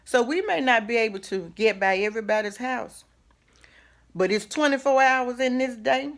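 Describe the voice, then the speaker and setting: A woman's voice: a little high, expressive, moderate pace. Folksy woman giving a pep talk. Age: middle-aged. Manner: folksy, preacherly, with asides and rhetorical questions. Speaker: host. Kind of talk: casual motivational talk to camera.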